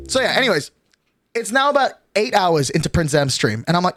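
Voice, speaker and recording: A nineteen-year-old streamer, talking casually to a livestream audience. The voice swings widely up and down as the rants get animated and exasperated, peppered with swearing. Faint music plays underneath. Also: mid-range voice, fast talker. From Australia.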